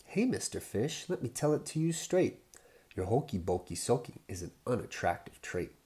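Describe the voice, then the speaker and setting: A man voicing a blunt male octopus in a storybook read-aloud, high and loud, straight-talking. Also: very animated, normal speed, lightly acted.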